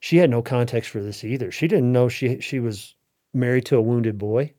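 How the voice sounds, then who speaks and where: A man's voice: medium pitch, moderate pace, dark tone. A middle-aged man telling a personal story as an interview guest, earnest and heartfelt, often restarting his sentences.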